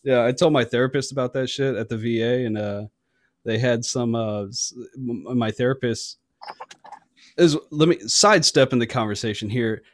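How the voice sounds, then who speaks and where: A man's voice: mid-range voice, moderate pace. A young adult man telling profane stories in casual chat, trailing off and laughing often. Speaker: army veteran.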